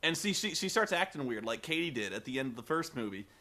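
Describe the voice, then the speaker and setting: Bright, profane, rambling male reviewer. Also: medium pitch, big pitch swings, quick pace. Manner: rambling, profane, filler-heavy. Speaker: film reviewer. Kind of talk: comedic film review.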